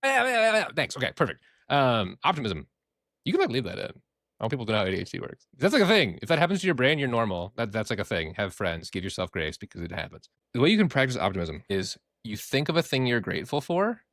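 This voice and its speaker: A man who works as a therapist, hosting a casual podcast and talking in an animated, joking way. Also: mid-range voice, fast, dry recording, clean studio sound. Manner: animated, joking, acts out quoted voices.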